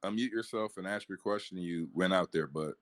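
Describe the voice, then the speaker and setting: A man with a very deep voice runs a live online Q&A and calls on people to speak in an upbeat way. The sound is dry and close, with no room around it. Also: brisk, no room sound. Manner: upbeat, calling on participants. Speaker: host of the Q&A session.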